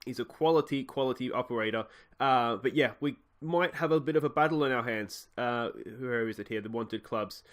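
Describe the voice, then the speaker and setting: A man's voice: mid-range voice, a little fast. An Australian man hosting a video game let's play, chatting casually and thinking aloud with frequent fillers.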